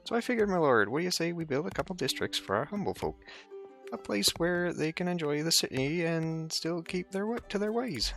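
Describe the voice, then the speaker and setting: A man's voice: fairly high pitch, very animated, brisk, fairly bright tone, soft background music, voice pushed up. A man putting on a folksy rustic peasant. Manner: folksy dropped-word dialect, exaggerated.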